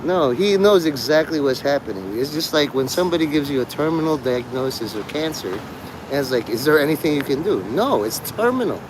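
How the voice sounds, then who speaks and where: A man's voice: on the high side, big pitch swings, fairly quick, background noise. A man rambling to his livestream chat, swearing, joking and laughing often.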